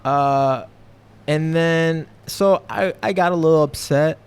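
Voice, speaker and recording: A man's voice: on the high side, slow pace, clear, resonant tone. A young man, a professional fighter, talking casually on a podcast in a rambling way, full of fillers and restarts. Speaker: guest, professional MMA fighter.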